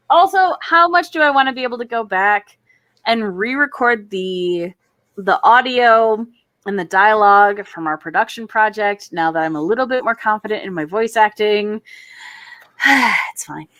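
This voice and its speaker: A woman's voice: medium pitch, measured pace, fairly bright tone, no echo. A woman in her thirties hosting a casual drawing stream, chatty and self-deprecating, often laughing as she talks. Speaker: stream host. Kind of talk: casual chat while drawing.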